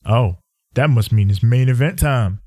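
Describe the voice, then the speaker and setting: A man co-hosting a casual wrestling chat, chiming in with quick jokey reactions. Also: medium pitch, expressive, a little mellow, no room sound, clean studio sound. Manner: short reactions, repeats lines jokingly. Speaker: podcast co-host.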